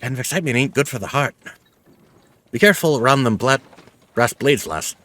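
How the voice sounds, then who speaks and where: A man voicing a chatty old male peddler in a game, with a folksy put-on accent and rough homespun speech. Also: mid-range voice, expressive, fast talker, lightly acted. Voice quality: folksy drawl, calls people lass.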